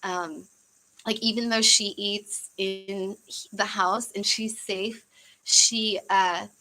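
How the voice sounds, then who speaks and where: Give me a young woman from the United States hosting a casual livestream, bright-toned and chatty. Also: mid-range voice, fairly even intonation, slow pace, poor audio. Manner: chatty, rambling, with frequent laughs and fillers. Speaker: livestream host.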